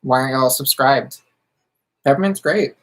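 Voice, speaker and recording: A man's voice: medium pitch, moderate pace. A man from the United States, a drag queen chatting casually on a livestream and answering viewers while doing makeup, campy and sassy with drag slang.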